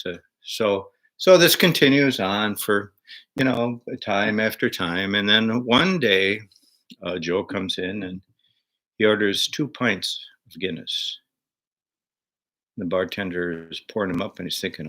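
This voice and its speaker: An older man hosting a casual chat show, telling a joke in a halting, rambling way with lots of fillers and restarts. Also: on the low side, pushed and bright. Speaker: show host.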